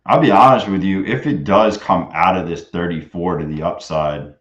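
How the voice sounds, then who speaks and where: A young man with a very deep voice talks through his trades in a loose, crude, half-muttered stream of commentary. His voice sounds dull and lo-fi, and it rings a little in a roomy space. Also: normal speed, a bit bright. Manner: loose, crude, muttering to himself with bursts of banter. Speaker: live-streaming day trader. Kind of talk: casual running commentary while trading.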